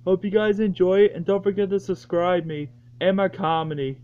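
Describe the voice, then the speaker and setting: High-voiced man narrating a home comedy video. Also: steady tone, moderate pace, a little mellow, clear, resonant tone. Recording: dull lo-fi home recording.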